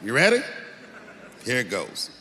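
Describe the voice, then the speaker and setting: A man doing stand-up comedy on stage, loud and full of swearing, shouting at the audience, recorded in an echoey hall with a live crowd. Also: mid-range voice, wildly swooping pitch, unhurried, slight background noise. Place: large venue on stage.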